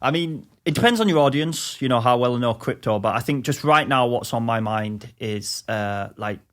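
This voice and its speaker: A man's voice: mid-range voice, animated, moderate pace. Male co-host, casual podcast chat, teasing and loose, often restarts his sentences. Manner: teasing, rambling with many restarts.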